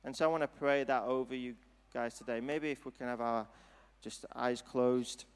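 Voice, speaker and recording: A man preaching a sermon and altar call in a church hall, speaking in an earnest, gentle, unhurried way. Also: mid-range voice, steady tone, clean tone. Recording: long hall reverb.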